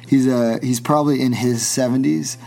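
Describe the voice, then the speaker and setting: A man's voice: mid-range voice, fairly even intonation, normal speed, creaky, dark tone. A man hosting a podcast, telling a long story in casual chat, rambling with many restarts and laughs. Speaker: podcast host.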